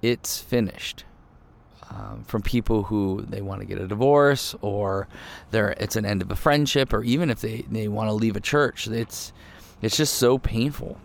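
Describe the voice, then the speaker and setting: A man's voice: on the low side, normal speed, gravelly. A male pastor giving a casual, conversational sermon, self-deprecating and full of fillers and restarts.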